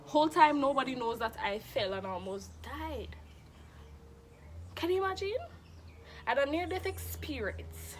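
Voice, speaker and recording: A young woman telling a storytime in a casual, animated, dramatic way. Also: sits high, a little slow, long pauses, a little hiss or hum. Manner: animated, dramatic, acts out quoted voices. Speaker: vlogger.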